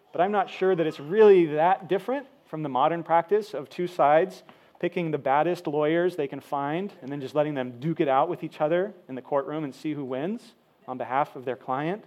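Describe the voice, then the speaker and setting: A man's voice: a little high, darkish tone. Man preaching in a conversational, explaining way. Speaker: pastor. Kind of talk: sermon.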